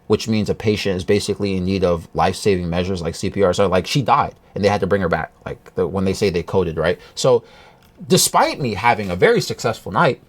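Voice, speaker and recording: A man telling a personal story to camera in a halting, earnest way, with many restarts and fillers. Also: deep voice, lively intonation. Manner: earnest, confiding. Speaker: vlogger.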